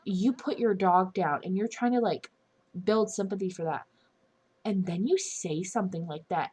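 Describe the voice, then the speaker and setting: A woman's voice: mid-range voice, moderate pace, darkish tone, breathy edge. A young woman giving an indignant, earnest opinion commentary for her channel, often restarting and correcting herself mid-sentence. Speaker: commentary YouTuber.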